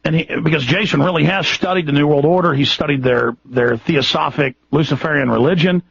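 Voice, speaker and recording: A man's voice: a little high, fairly quick, vocal fry, a bit bright, breathy edge, lo-fi sound. A Texan man hosting a radio show, talking in an impassioned, rambling way with frequent restarts. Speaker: radio host. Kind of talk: radio monologue.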